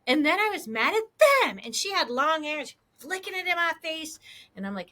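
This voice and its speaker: A woman with a high, bright voice that swoops up and down as she talks. She co-hosts a casual podcast and tells her stories with animated, self-mocking energy. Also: a little fast. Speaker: podcast co-host. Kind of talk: casual chat.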